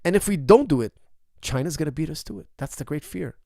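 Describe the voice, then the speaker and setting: A middle-aged man with a somewhat high voice, talking as a martial arts coach in a casual Q&A. He hammers his points home, repeats them and fires off rhetorical questions he answers himself, in a dry, close recording. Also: expressive, quick pace, gravelly, darkish tone, dry recording. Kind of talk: casual Q&A commentary.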